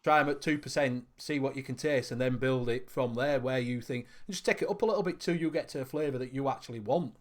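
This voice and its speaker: A man's voice: mid-range voice, fast, few pauses. A man hosting a livestream, rambling and chatty, laughing often, on a video call. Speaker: host. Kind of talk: casual livestream chat.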